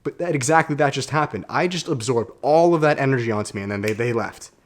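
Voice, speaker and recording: A young man, a self-development vlogger, talking casually to camera in a quiet condo room, telling a story with energy and slang. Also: medium pitch, expressive, quick pace.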